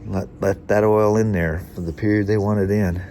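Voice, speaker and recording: A man's voice: on the low side, steady tone, normal speed, dark tone, slight background noise. A man with a nasal, hay-fever voice, chatting casually as a motorcycle mechanic in a workshop vlog, rambling with restarts and small chuckles.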